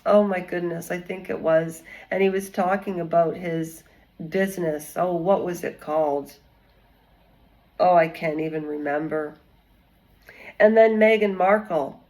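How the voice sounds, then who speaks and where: A woman's voice: fairly low pitch, steady tone, unhurried, a little mellow, poor audio. A woman vlogger giving casual commentary in a rambling, chatty way with many digressions.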